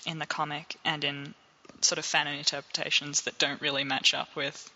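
A speaker in casual podcast chat, talking in a hesitant, measured way. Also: mid-range voice, level tone, pushed and bright, slight background noise. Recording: dull lo-fi audio.

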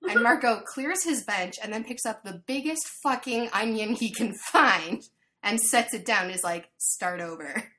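A woman chatting casually, telling an animated story full of fillers. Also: on the high side, normal speed. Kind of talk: casual chat.

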